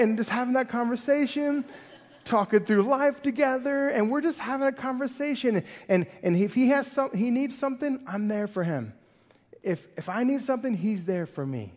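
A man preaching a sermon in a conversational, animated way, asking the congregation many questions. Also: high-pitched, moderate pace. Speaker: pastor. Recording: long hall reverb.

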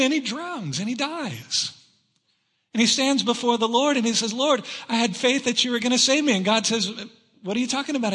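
A man preaching a sermon to his church, telling stories conversationally and swinging between loud emphasis and hushed asides. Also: sits high. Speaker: pastor. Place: church sanctuary. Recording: long reverb of a large room.

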